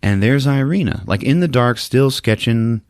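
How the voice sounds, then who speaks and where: Animated man recapping a movie. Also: mid-range voice, moderate pace, dry recording, clean studio sound. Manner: animated, laughing a lot. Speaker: podcast host.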